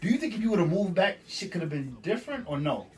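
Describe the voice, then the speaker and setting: A man's voice: high voice, very animated, darkish tone, distant mic, faint music behind. A man hosting a casual interview, cutting in eagerly with follow-up questions. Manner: eager, jumps in with quick questions. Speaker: interview host.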